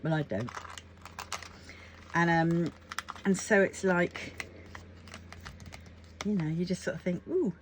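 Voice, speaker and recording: Talking to camera in a relaxed way, a low-voiced woman who vlogs about crafting muses aloud, wandering through her plans with lots of filler words, a slow pace and long pauses. Soft keyboard tapping, room tone and slight hiss or hum sit in the background.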